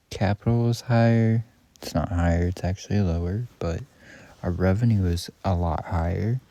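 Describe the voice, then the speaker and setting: Low gravelly man narrating gameplay. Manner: rambling, self-correcting, offhand. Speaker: gaming YouTuber. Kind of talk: casual gameplay commentary. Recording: loud background noise.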